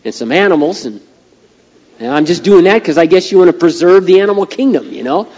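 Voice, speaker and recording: A middle-aged pastor preaches with animated, folksy storytelling. His voice sits a little high, and a long hall reverb trails every phrase. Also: highs cut off. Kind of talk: sermon.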